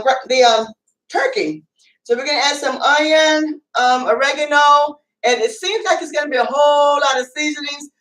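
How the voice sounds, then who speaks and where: High-voiced woman hosting a home cooking show. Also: a bit bright, recorded from a distance. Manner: chatty, rambling, many fillers. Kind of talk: casual cooking demonstration. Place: home kitchen. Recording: echoey room, away from the mic.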